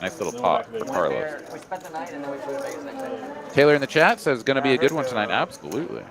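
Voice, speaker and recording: A man's voice: mid-range voice, sing-song, fairly quick, a crowd in the background. A man, commentating a live poker cash game in a laid-back, drawling way with frequent fillers.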